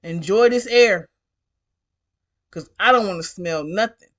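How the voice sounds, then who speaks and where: Woman ranting storytime style, blunt, says stuff twice to hammer it home, middle pitch. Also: a little slow, fairly bright tone. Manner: blunt, emphatic, repeats herself for stress. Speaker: rideshare driver. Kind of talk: storytime vlog rant.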